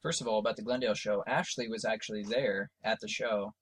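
A man's voice: on the low side, steady tone, fast talker, husky. A man co-hosting a casual fan podcast, moving the talk on to the next news item. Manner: moves on to the next news item, short reactions.

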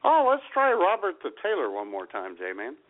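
A man's voice: fairly high pitch, wildly swooping pitch, moderate pace. A male host joking wryly in casual radio banter. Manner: joking, wry. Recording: tinny lo-fi audio.

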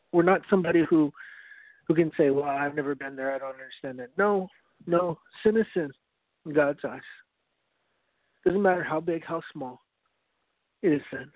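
A high-voiced man preaches earnestly, telling a story and often restarting his phrases. The sound is dry and narrow, like it came over a phone line. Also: no echo. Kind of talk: evangelistic teaching talk.

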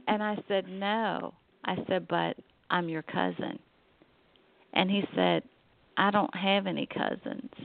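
A middle-aged woman tells her family story with a gravelly edge to her voice. She talks conversationally and acts out the people she quotes. The sound is tinny and dry, like a phone line. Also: mid-range voice, expressive, slow, long pauses, no echo. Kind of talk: personal storytelling.

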